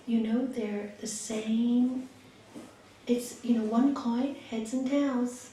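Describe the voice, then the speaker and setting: A woman yoga teacher giving an expressive spiritual talk, telling a story in a meditation hall. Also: on the high side, takes it slowly. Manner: expressive, lively, with laughs and hushed asides. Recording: echoey room from a distant mic.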